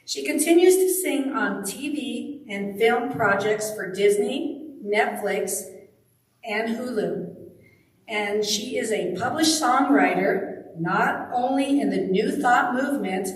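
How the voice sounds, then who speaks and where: A woman's voice: a little high, lively intonation, slow, a little hiss or hum. A woman introducing the guest minister at a church service, with friendly chuckling asides. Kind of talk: reading a speaker introduction. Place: church sanctuary. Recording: distant mic in echoey hall.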